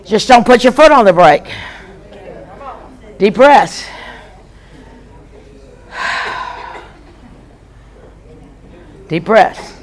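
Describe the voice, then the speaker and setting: In a large meeting hall, a woman evangelist leads a deliverance prayer session, often shouting forceful commands and guiding the audience in call-and-response. Her medium-pitched voice is animated, though she speaks extremely slowly and pauses often.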